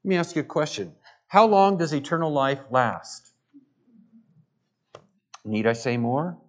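Man preaching a sermon, slow and earnest, pitch a bit high, keeps asking the congregation questions. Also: expressive. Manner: earnest, rising to emphatic peaks with repeated words; asks the congregation direct questions. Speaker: pastor.

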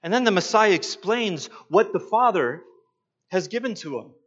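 A man preaching a sermon, slow and emphatic, pausing to stress his points. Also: high-pitched, expressive, a bit bright. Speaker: pastor. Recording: dull lo-fi sound.

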